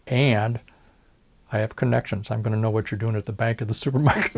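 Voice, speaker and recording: A retired facial plastic surgeon, an older man, tells stories in an oral history interview, acting out the voices of people he quotes and chuckling. His mid-range voice is fairly quick and creaky, with a little hiss or hum.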